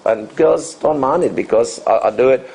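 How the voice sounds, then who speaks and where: A man's voice: mid-range voice, normal speed, vocal fry, darkish tone, breathy edge, rough recording. A man in his fifties, a dating coach answering interview questions in a loose, rambling way, full of "you know" and restarts. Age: 50s.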